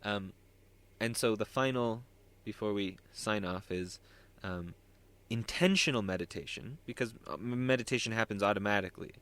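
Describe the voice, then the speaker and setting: A man's voice: fairly low pitch, normal speed, a bit bright. A man hosting a solo podcast, talking in a rambling, self-interrupting way with wry asides. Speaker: podcast host.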